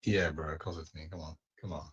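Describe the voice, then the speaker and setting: A man with an extremely deep, husky voice chats in a laid-back, offhand way. The stream audio is dull and lo-fi. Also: fairly even intonation, fast. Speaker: panelist. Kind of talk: casual livestream panel chat.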